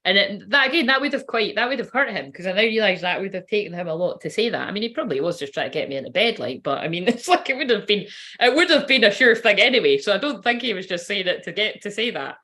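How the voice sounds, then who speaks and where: A woman's voice: mid-range voice, expressive, quick pace, hardly any pauses, bright, forceful tone. A woman telling a personal story in a casual, rambling way, swearing freely and laughing often. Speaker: spiritual reader.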